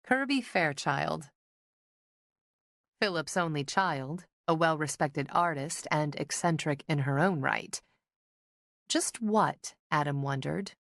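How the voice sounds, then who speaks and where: A woman narrating a romance novel as an audiobook, measured and even. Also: low-pitched, creaky, no echo, clean studio sound.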